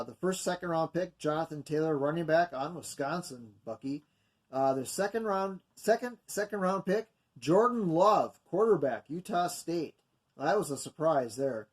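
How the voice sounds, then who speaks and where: A man's voice: on the high side, a little mellow. A man casually going through mock draft picks from his notes, rambling with many fillers and self-corrections. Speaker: video host going over mock drafts. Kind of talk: casual unscripted commentary.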